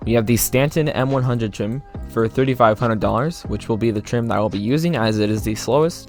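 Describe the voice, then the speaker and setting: A man hosting a gaming channel, giving a plain, steady commentary that walks through car features. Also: mid-range voice. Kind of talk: gameplay commentary. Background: faint background music.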